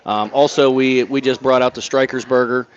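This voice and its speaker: A man's voice: medium pitch, fairly even intonation, moderate pace, highs cut off, a little hiss or hum. A man who owns a bar, answering interview questions in an easygoing, plain-spoken way. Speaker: bar owner.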